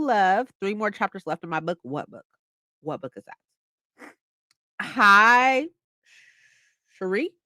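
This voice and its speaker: Animated, playful young woman streamer. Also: mid-range voice, no echo. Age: 20s. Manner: playful, mock-dramatic, reads chat aloud. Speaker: livestream host. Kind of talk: casual livestream chat.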